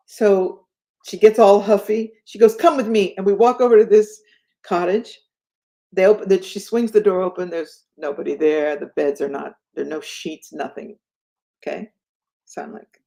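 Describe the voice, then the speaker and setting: A woman's voice: medium pitch, normal speed. A woman guest telling a personal story in a conversation, acting out the voices of the people in it. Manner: animated, acts out the voices in her stories.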